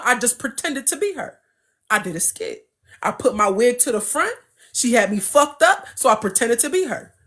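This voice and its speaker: A young adult woman as an interview guest, telling a story in a casual, animated, profane and emphatic way. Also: on the high side.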